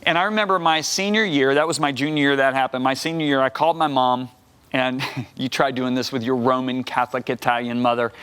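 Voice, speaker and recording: A man's voice: medium pitch, steady tone, a little fast, fairly bright tone, smooth. A man in his sixties, a guest minister on a TV talk show, telling his testimony with energy and acting out the voices of people he quotes. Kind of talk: animated storytelling testimony. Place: TV studio talk set.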